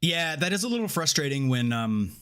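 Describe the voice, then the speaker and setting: A man's voice: on the high side, a little fast, clean tone. Chatty man recapping an episode. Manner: animated retelling with filler words. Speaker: podcast co-host. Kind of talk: casual chat.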